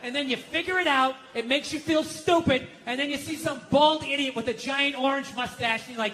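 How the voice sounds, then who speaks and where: A man doing stand-up comedy in front of an audience, swearing, ranting, and swinging between loud outbursts and low muttering. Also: brisk, hardly any pauses, a crowd in the background. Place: comedy theater stage with audience. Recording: live hall with long reverb and faint noise.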